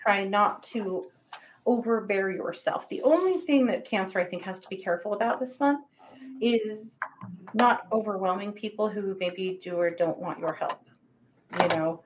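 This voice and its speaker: A woman co-hosting a livestream, giving chatty, animated astrology readings and laughing often. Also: mid-range voice, normal speed, slight background noise, low-quality recording. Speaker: psychic reader, co-host.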